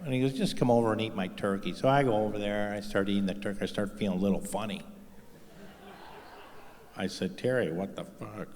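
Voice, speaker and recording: Profane stand-up comic in a reverberant hall. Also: male voice, fairly low pitch, brisk. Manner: profane, deadpan storytelling with acted-out voices. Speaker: stand-up comedian. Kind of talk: stand-up routine. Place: theater stage with live audience.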